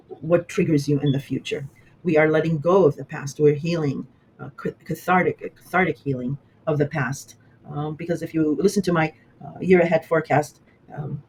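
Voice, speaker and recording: A man talks through a horoscope in a loose, rambling way, stopping and restarting often and laughing easily. His voice sits fairly high. A faint room ambience hums under the recording. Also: slight background noise, rough recording. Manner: rambling, halting, many fillers and restarts. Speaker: astrologer. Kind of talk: casual horoscope talk.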